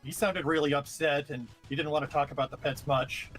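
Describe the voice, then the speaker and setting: A man with a slightly raised pitch tells the story as a guest on a casual stream. He speaks in a measured way, pausing on "uh" often. Faint music plays underneath. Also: steady tone, fairly bright tone, rough recording. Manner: measured storytelling with many fillers.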